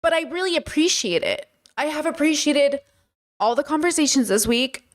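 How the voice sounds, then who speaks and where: Exhausted streamer girl, high voice, shaky and drained, just chatting w her viewers. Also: lively intonation, normal speed. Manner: tired, confessional, shaky voice. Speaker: streamer talking to chat. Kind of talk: casual livestream chat.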